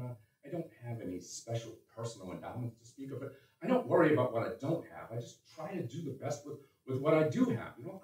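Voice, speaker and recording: A man's voice: medium pitch, darkish tone, lightly acted. An older man with a Missouri accent, playing a blunt, folksy American president in a one-man stage show. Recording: echoey stage from far off.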